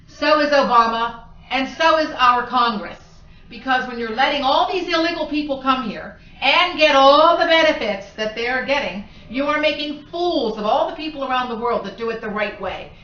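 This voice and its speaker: High, sharp-voiced indignant woman ranting. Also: echoey room, distant mic, muffled recording, slight background noise. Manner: indignant, emphatic, punches single words. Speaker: political commentator. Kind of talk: opinion rant to camera. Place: her home.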